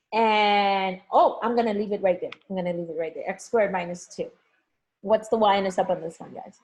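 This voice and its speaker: A woman teaching math in a live online review session, coaxing students with pet names and frequent check-ins. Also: mid-range voice. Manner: frequent check-ins like okay and all right.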